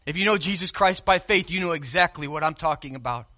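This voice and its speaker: A man delivers a sermon in a high, bright, ringing voice. He preaches conversationally, leaning hard on key words and then easing into quieter stretches. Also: quick pace. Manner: conversational preaching with call-and-response. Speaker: pastor.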